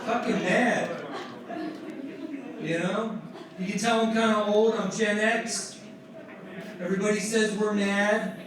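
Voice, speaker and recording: Man, 40s, from New Jersey, high voice, punchy profane comic, echoey room, noisy background. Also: steady tone, takes it slowly, long pauses, recorded from a distance. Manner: profane, self-mocking, punchy delivery. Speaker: stand-up comedian. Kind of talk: stand-up comedy set. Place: comedy club stage. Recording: echoey club room, mic heard from afar with crowd noise.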